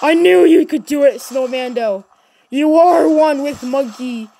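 A woman giving excited gameplay commentary, cheering and shouting encouragement at her teammate. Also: high-pitched, a little slow, vocal fry. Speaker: gaming channel host.

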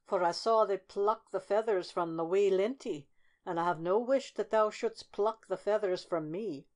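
A woman voicing a small, cheerful and wary male robin who talks in a chirpy, polite way and turns down offers quickly. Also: mid-range voice, darkish tone, close to an everyday voice.

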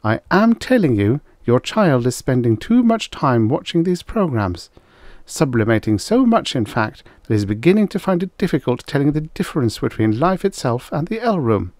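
A man's voice: mid-range voice, big pitch swings, moderate pace, darkish tone, no echo, voice pushed up, close to an everyday voice. A man voicing a prim, severe middle-aged female schoolteacher who speaks icily and precisely. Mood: icy, prim.

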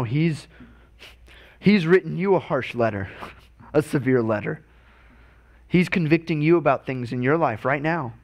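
Guy preaching a sermon, earnest pastor, trips over his words and repeats them. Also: fairly high pitch.

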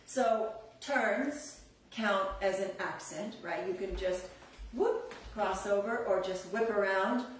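A woman's voice: medium pitch, takes it slowly, very echoey, recorded from a distance, slight background noise, poor audio. A woman teaching a belly dance class, chatty and upbeat, laughing often. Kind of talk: live online dance class.

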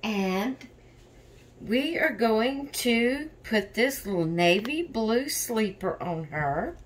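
A woman's voice: on the high side, expressive, slow, a little hiss or hum. A woman hosting a doll vlog in casual chat, tired and yawning, rambling openly about her stress. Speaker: reborn doll channel host.

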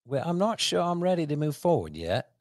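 A man's voice: a little high, big pitch swings, fairly quick, darkish tone, no room sound, studio quality, pitched above the performer's own voice. A man voicing a fussy, rambling male customer on a prank call, in a put-on British accent. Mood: confused. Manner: rambling, silly, mock-posh. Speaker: prank caller.

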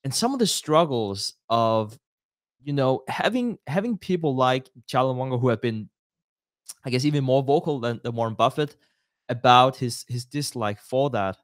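A man's voice: mid-range voice, lively intonation, normal speed. A man hosting a podcast, setting up a long question in a hesitant, searching way. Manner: hesitant, many restarts and fillers while framing a question. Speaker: podcast host. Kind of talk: casual interview question.

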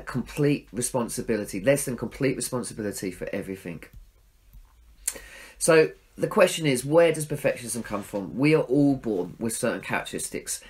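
A middle-aged man giving a sermon in a conversational, self-deprecating way, acting out his own inner voices. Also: mid-range voice. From England. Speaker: pastor.

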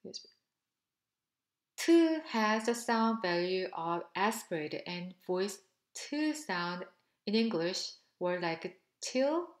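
A woman teaching pronunciation, speaking slowly and deliberately and repeating syllables for learners to copy. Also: mid-range voice, echoey room. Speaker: language teacher. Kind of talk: pronunciation drill lesson.

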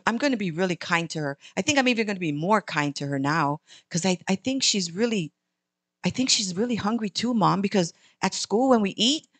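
A woman's voice: mid-range voice, a bit bright, husky, no echo. A woman voicing a caring young girl in a children's story, talking in a pleading, childlike way.

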